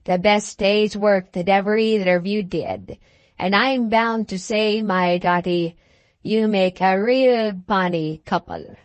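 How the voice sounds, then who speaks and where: A woman voicing a bold, mocking Scottish outlaw man in a storybook, with a Scottish accent and drawn-out, teasing speech. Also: medium pitch, dry recording, natural voice. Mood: pleased.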